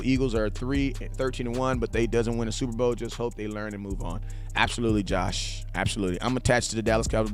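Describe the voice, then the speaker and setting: A young man with a lowish voice hosts a sports fan live stream, talking casually and bluntly in slang as he answers chat. He often builds up to impassioned near-shouting.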